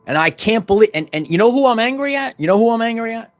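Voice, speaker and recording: A middle-aged man hosting a podcast, giving a fervent spiritual monologue full of repetitions and stumbling restarts that rises into loud bursts. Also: very high-pitched, expressive, quick pace, slight background noise. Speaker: podcast host.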